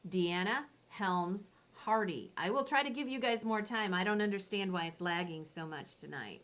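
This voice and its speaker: A woman running a live online consignment auction, describing each item and then calling bids in rapid repeated phrases. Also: medium pitch, fairly bright tone, muffled recording. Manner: rapid repetitive bid calling.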